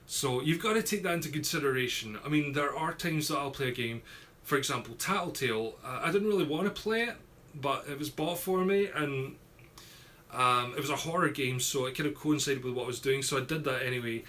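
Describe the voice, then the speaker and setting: A man's voice: mid-range voice, fairly quick, fairly bright tone. A young Scottish man with an Ayrshire accent, chatting casually on a live stream and reading out viewer comments in a rambling, easygoing way. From Scotland. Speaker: YouTuber streaming a Q&A.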